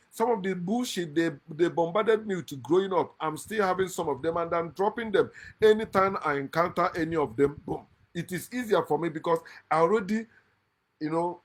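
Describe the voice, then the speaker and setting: Man, husky voice, impassioned talk, lecturing, swings loud to quiet. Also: a little high. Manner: laughs often mid-speech. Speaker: channel host. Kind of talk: impassioned monologue against religion. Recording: lives in America.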